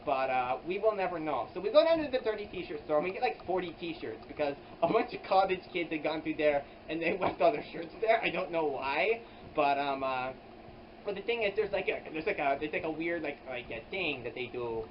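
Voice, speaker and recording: A man's voice: fairly high pitch, lively intonation, brisk, close to an everyday voice. A man voicing a tiny, petty young male pig in an improvised comedy vlog, rambling and giggly in a childlike baby-talk voice, full of "like" and restarts, recorded on a handheld camera mic. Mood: chatty. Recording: slightly dull audio with air conditioner hum.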